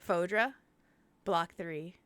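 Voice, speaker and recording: A woman hosting a live-stream interview, excitable and gushing, swearing freely. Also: lowish voice, takes it slowly, clean tone, no room sound. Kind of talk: casual live-stream chat.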